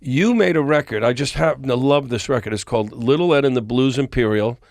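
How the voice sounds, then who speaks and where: Animated man telling industry stories. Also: medium pitch, brisk, vocal fry, no room sound, studio quality. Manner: animated storyteller, acts out quoted dialogue. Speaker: podcast guest, music industry executive. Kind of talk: storytelling interview. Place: recording studio.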